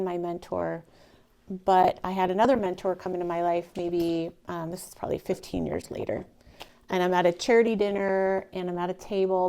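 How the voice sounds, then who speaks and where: Gravelly-voiced woman telling a story. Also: fairly low pitch. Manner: animated, emotional, swings from loud to near-whisper. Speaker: speaker telling her real estate story. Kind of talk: storytelling talk to a live audience.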